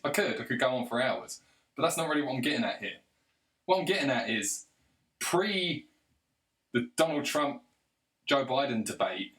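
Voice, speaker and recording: A man rants straight to the camera, angry and sarcastic, swearing freely as he goes. His voice sits at an ordinary male pitch, and the room around him lends a noticeable echo. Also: fairly bright tone. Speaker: video commentator. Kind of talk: ranting monologue. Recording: roomy echo.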